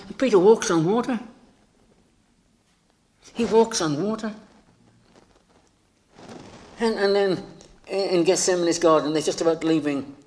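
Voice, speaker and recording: A man's voice: sits high, a little slow, pauses often, a little mellow. A male preacher giving a sermon, emphatic and dramatic, acting out scenes with quoted voices.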